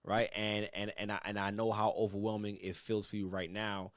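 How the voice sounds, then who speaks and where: A man's voice: lowish voice, flat delivery, moderate pace, no echo, studio quality. A man hosting a church call-in show, stammering and repeating words as he preaches to a caller. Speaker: church elder host. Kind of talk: religious call-in talk.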